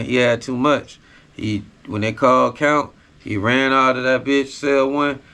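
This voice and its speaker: A man's voice: mid-range voice, sharp tone. A man hosting a podcast, telling a personal story in a raw, profane, casual street style. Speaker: podcast host.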